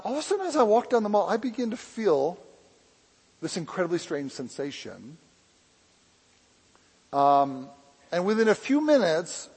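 Man preaching, husky voice, lively swinging pitch, rambling storytelling, mixed accent, long hall reverb. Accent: mixed, hard-to-place. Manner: rambling, self-interrupting, animated storytelling. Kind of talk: sermon testimony storytelling.

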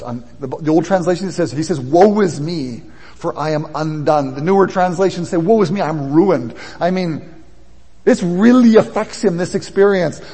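A man's voice: high-pitched, darkish tone, slightly rough. A man preaching a sermon in a conversational way that builds in intensity. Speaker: pastor. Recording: long hall reverb.

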